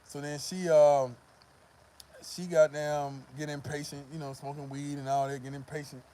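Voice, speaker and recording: A man's voice: a little high, flat delivery, normal speed, warm tone. A man vlogging, telling a profane, rambling story to the camera and filling it with "you know what I mean.".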